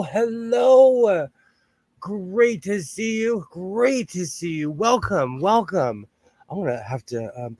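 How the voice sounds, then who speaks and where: A middle-aged man with a Southern Californian accent hosts a live sewing stream and greets viewers one by one. His voice sits a little high, and the sound is dry and close. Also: dry recording. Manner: chatty, greets viewers by name. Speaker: host of a sewing livestream. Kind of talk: casual livestream chat.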